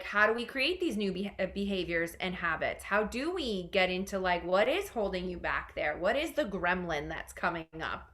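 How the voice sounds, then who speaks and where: A woman coach answers a question in an online Q&A, talking casually and piling in "like" and "right?" as she goes. Her voice is bright and clear, sitting at an everyday middle pitch. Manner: chatty, many fillers like "right?" and "like". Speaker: leadership coach.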